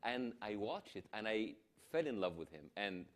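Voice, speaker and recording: A man's voice: fairly low pitch, sing-song. A man with an Egyptian accent, a native Arabic speaker, interviewing a guest on stage and often restarting his sentences. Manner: halting, many restarts and fillers. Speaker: television host and interviewer.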